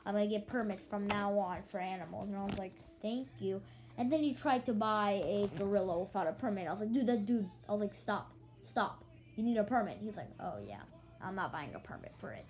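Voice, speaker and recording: A woman's voice: mid-range voice, brisk, a little mellow, poor audio. A young woman rambles through a story from home, her voice sleepy and yawning. She stumbles and restarts often, slipping into quoted back-and-forth as she acts out what others said. A faint hum of room ambience sits underneath. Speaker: vlogger.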